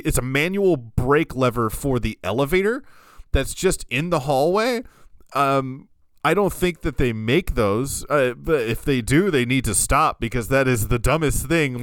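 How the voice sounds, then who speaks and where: A man co-hosting a podcast, recapping a film in an animated, storytelling way. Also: mid-range voice, smooth, dry recording. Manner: animated storytelling, acting out scenes. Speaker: podcast co-host. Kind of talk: casual film recap chat.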